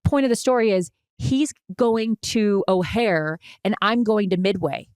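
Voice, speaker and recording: A woman in her forties, co-hosting a podcast, telling a dramatic travel mishap in a casual, animated way with some swearing. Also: mid-range voice, unhurried, clean tone, dry recording, clean studio sound. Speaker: podcast co-host. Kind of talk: casual storytelling chat.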